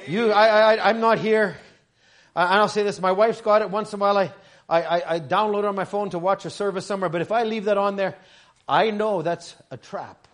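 A middle-aged male preacher giving a sermon, often stammering over his starts and building up to shouted lines. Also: sits high, fairly quick. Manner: stammering restarts, rising to shouts.

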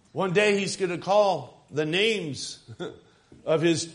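A man preaching a sermon, stressing phrases with swings of loudness and calling out questions to the congregation. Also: high-pitched, lively intonation, very slow. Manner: emphatic, rising and falling for emphasis, calls out to the congregation.

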